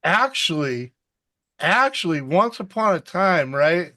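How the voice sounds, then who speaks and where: Man, high voice, casual host, profane rambling storyteller, video call. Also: sing-song, takes it slowly, bright, forceful tone. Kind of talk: casual chat.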